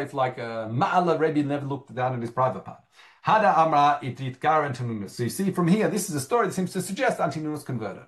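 Guy teaching talmud, reads a line then explains it, lots of ums and restarts, bouncy higher voice. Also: a bit bright. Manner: reads Aramaic phrases then explains them in English, with frequent fillers and restarts. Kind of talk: Talmud study lesson, reading and translating.

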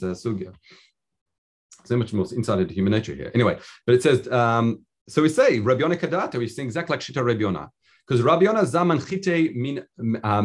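A man teaching a casual Talmud class, reading the text aloud and explaining it with many restarts. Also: on the high side. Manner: thinks aloud with restarts, reads Hebrew and Aramaic text then explains.

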